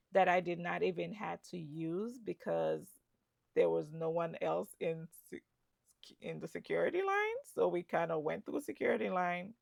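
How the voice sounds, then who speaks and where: A woman's voice: lowish voice, vocal fry, a little mellow, no echo, studio quality. A woman telling her travel story in a chatty vlog, with asides to the viewer. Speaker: travel vlogger. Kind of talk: casual travel vlog narration.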